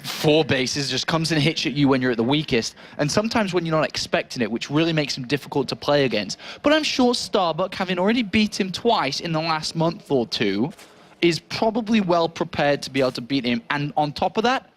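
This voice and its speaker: A man with an English accent calls an esports match in a voice sitting a little above the usual male range. His delivery is upbeat and joking, moving in rapid bursts as he breaks down play. It is live game commentary. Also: on the high side, big pitch swings.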